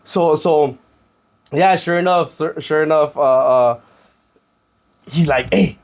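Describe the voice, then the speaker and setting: A man, a podcast guest casually telling his own story in animated slang and acting out what others said. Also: on the high side, slow pace, long pauses. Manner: animated, acts out other people's lines, heavy slang.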